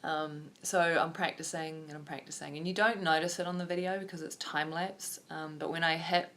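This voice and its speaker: A woman's voice: low-pitched, fairly even intonation, normal speed, fairly bright tone. A woman, a yoga teacher talking openly and reflectively in a personal vlog, wandering with many fillers.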